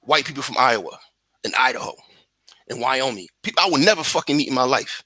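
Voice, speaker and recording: A man's voice: medium pitch, lively intonation, fast, pushed and bright, dry recording. A man from the United States calling in from abroad, talking politics in a heated, profane, rambling way with many restarts. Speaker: guest on a talk stream. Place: living in Germany.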